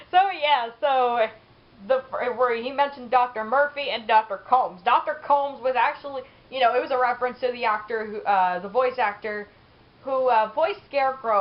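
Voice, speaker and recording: A woman's voice: sits high, normal speed, lo-fi sound. A woman giving casual, rambling gameplay commentary, chatty and laughing often.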